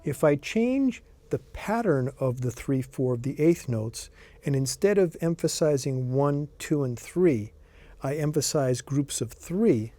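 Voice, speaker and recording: A man's voice: a little high, darkish tone. A middle-aged man teaching a guitar lesson, explaining rhythm in an easygoing way and counting beats aloud between demonstrations. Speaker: guitar instructor.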